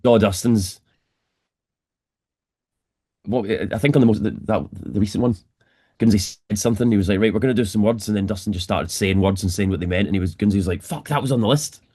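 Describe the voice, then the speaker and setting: A Scottish man with a low voice, chatting as a guest in a casual interview. He talks easily and loosely, throwing in swear words without any fuss. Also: steady tone, brisk, long pauses, dark tone. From Scotland. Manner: laid-back, swears casually. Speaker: band drummer, guest.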